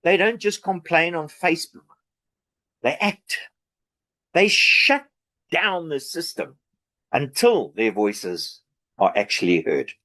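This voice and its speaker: A man's voice: a little high, animated, slow, long pauses, bright, forceful tone. A South African man giving a sarcastic, opinionated political rant, with many fillers and restarts. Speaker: political commentary vlogger.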